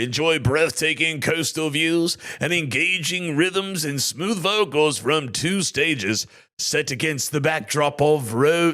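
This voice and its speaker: A man's voice: medium pitch, sharp tone. A man hosting a local podcast, folksy and upbeat in casual chat. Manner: folksy and upbeat, with Southern turns of phrase. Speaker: podcast host.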